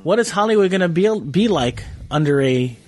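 A man's voice: fairly high pitch, lively intonation, a little fast, darkish tone. A man hosting a casual chat, rambling with fillers and laughing often. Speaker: podcast host.

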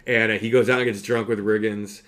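A man's voice: on the low side, level tone, brisk, fairly bright tone. A man co-hosting a podcast, chatting casually and telling rambling stories with frequent laughter. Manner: rambling storyteller, laughs often, breaks into impressions. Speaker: podcast co-host. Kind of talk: casual chat.

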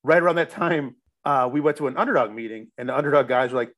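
A man's voice: mid-range voice, fast talker, a bit bright. A middle-aged man from Chicago, a musician guest telling a long story in a loose, rambling way, restarting his sentences and swearing now and then. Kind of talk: casual storytelling interview.

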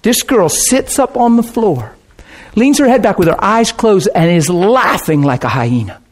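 A man preaching, telling a lively testimony story with laughter and a short sung passage. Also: high voice, measured pace. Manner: animated storytelling, bursts of laughter, sings a hymn line. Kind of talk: testimony sermon.

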